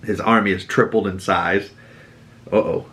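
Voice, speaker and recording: A man's voice: on the low side, steady tone, normal speed, a bit bright. A man with a Boston accent hosting a podcast, chatting casually through an episode recap with plenty of swearing. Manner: chatty, profane, acts out quotes. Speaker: podcast host.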